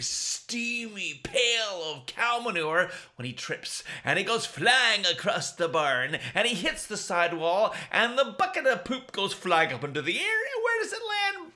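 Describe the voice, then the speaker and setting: A man hosting a show, telling a silly comic story to kids in a playful, animated way. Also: high-pitched, moderate pace. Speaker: storyteller host.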